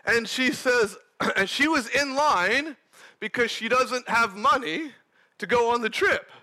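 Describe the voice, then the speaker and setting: High, bright-voiced male preacher. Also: unhurried. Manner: animated storytelling, shouting and laughing. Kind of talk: sermon testimony.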